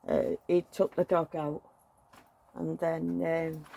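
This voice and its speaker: A woman's voice: sits low, sing-song, takes it slowly, gravelly, mellow, slight background noise. A middle-aged woman, chatting and venting emotionally while dressing a doll at home. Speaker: doll collector vlogger.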